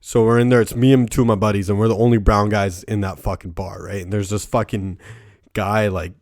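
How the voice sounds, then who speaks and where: Young man, podcast host, low voice, dry close sound, loose rambling talk, constant swearing, laughs at his own stories. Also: level tone, fairly quick, darkish tone, no room sound. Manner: rambling, heavy swearing, filler "like" and "right?". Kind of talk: casual solo podcast monologue.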